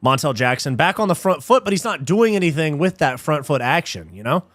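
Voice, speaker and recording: A young man with a slightly higher voice hosts a live fight watch-along, fired up and frustrated by the action. He swears freely and keeps saying dude and bro. The sound is dry and close, with no room around it. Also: big pitch swings, fairly quick, a bit bright, dry recording. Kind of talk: casual live commentary.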